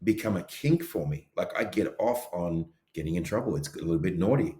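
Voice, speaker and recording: A man co-hosting a podcast in casual chat, animated as he acts out his inner voices. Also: deep voice, brisk, reverberant. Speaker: podcast co-host.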